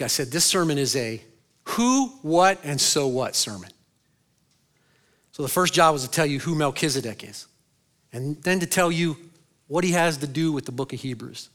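A man preaching a sermon as pastor, swinging between loud, high bursts and quiet, low stretches, and asking the congregation questions he answers himself.

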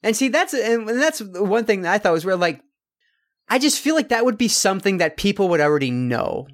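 A man's voice: high-pitched, big pitch swings, brisk. A man co-hosting a casual film review podcast, talking in a rambling way with many fillers and restarts. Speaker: podcast co-host.

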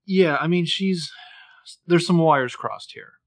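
A man's voice: on the high side, slow pace, no echo. A young man co-hosting a casual chat about a TV episode, with hedging, jokey commentary. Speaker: podcast co-host recapping a TV show.

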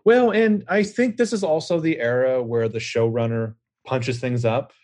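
A man with an average-pitched voice co-hosts a casual podcast. He talks in an animated way, often jumping in with side notes and trivia while connected over a remote call. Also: normal speed. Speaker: podcast co-host. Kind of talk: casual chat. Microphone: remote call setup.

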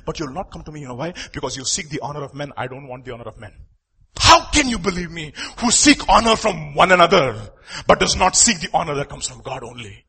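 A man preaching a sermon, moving between loud emphatic lines and quiet asides. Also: fairly high pitch, fairly quick, husky. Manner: animated, swings from loud emphatic lines to quiet asides, acts out quoted voices.

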